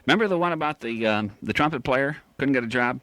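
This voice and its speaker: A man hosting a radio talk show and chatting with his guest through quick follow-up remarks. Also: medium pitch, lively intonation, a bit bright, no room sound. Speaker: radio host.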